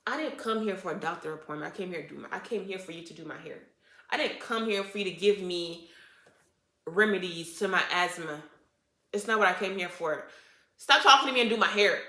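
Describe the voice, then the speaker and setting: Woman doing a storytime vlog, fired up and indignant, bright voice in an echoey room. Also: mid-range voice. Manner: animated and indignant, full of "like" and restarts. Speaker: vlogger telling a story. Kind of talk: storytime vlog, casual retelling.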